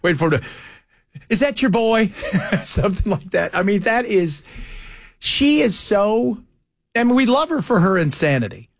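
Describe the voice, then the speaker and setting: Male talk radio host, high animated voice, dry close studio sound, joking banter. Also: normal speed, vocal fry, dry recording. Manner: animated, mocking put-on voices. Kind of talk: casual banter.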